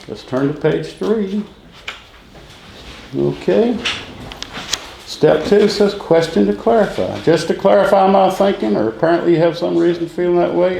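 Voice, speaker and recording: A middle-aged man teaching a sales training class, repeating key phrases and quizzing the room with quick questions. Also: fairly high pitch, gravelly, a little mellow. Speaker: real estate sales instructor. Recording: echoey room with faint noise.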